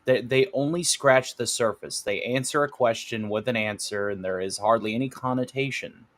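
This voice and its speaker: A man's voice: mid-range voice, moderate pace, a bit bright. A man co-hosting a casual movie chat, joking and laughing a lot.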